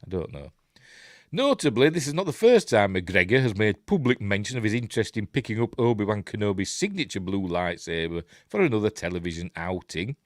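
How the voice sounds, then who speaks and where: Yorkshire man, lower voice, lively up-and-down delivery, sarcastic asides, dry close sound. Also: a little fast, no room sound. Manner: chatty and sarcastic, reading items aloud with joking asides. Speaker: host. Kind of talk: live-stream news commentary.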